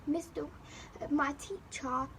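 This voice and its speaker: A young woman tells a school story straight to camera, with a bright, high voice. She rambles and repeats herself as she goes. A steady wash of background noise sits under the recording. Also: takes it slowly. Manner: rambling, animated retelling with repeated phrases. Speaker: vlogger. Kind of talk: storytime chat.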